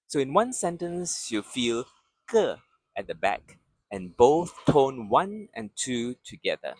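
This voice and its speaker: A man teaching pronunciation patiently, speaking slowly and drilling repeated syllables. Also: mid-range voice, very animated, a little mellow, husky, no room sound. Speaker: Mandarin teacher. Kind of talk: slow pronunciation lesson.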